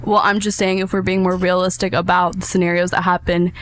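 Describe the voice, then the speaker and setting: A woman's voice: fairly low pitch, level tone, brisk, a little hiss or hum. A woman podcast guest earnestly arguing her point, hedging with frequent fillers. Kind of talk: debate argument.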